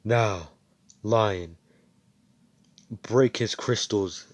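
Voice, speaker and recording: A man's voice: fairly low pitch, drawn-out words. A young man playing a stern lecturing mage. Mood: commanding. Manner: lecturing, firm. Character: calm, stern male mage lecturing a rival.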